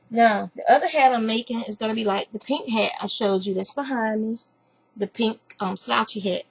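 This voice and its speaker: A woman's voice: medium pitch, vocal fry, breathy edge, poor audio. A woman with a Southern accent, hosting a craft show from home in a rambling, chatty way and recording on a computer microphone. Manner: rambling, chatty, reads lists aloud with asides. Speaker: craft podcast host. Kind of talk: casual chat. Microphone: computer webcam mic.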